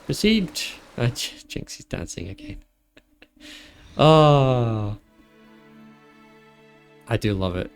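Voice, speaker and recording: A man's voice: medium pitch, very animated, slow, creaky, pauses often, clear, resonant tone. A man giving casual, chatty commentary as he streams a game, upbeat and laughing at his own jokes. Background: video game music.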